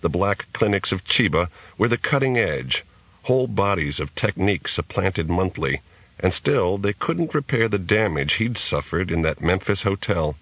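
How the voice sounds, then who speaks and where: Low-voiced male audiobook narrator. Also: expressive, normal speed, fairly bright tone, dry recording, rough recording. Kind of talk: scripted narration.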